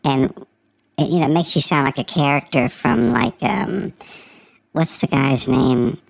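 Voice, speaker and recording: A squeaky prank-caller voice, a man's speech shifted up by a filter. It has a heavy crackling rasp underneath. The talk rambles and gropes for words. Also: animated, a little slow, full character voice. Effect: pitch-up voice filter.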